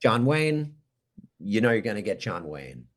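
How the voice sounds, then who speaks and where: An American man on a podcast chats casually in an interview, his fairly low voice unhurried. He's an animated storyteller who pokes fun at himself and acts out the quotes.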